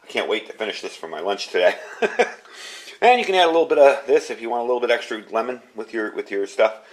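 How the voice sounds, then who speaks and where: A home cook in his fifties gives a casual cooking demonstration at a quick pace, his voice at medium pitch. He chats in a relaxed way, talking while he cooks.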